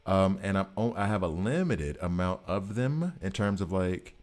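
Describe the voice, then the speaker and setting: Low-voiced man rambling to his stream chat. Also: expressive, moderate pace, darkish tone. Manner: rambling, self-correcting, chats directly with viewers. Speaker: gaming streamer. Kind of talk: casual live-stream chat.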